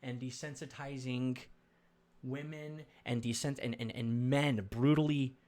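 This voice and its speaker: A man's voice: mid-range voice, steady tone, unhurried, darkish tone. A man commenting on video clips, preachy and stumbling, repeating words as he lectures viewers.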